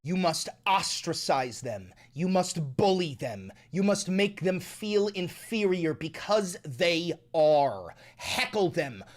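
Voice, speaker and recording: A man's voice: a little high, big pitch swings, slow pace, hardly any pauses. Heated, swearing male streamer. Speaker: streamer reacting to videos. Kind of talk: profane live reaction commentary.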